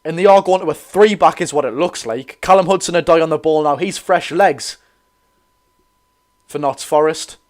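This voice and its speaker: A man with a Geordie accent and a slightly high voice hosts a live football watch-along at normal speed. He gives chatty commentary, corrects himself, and greets viewers.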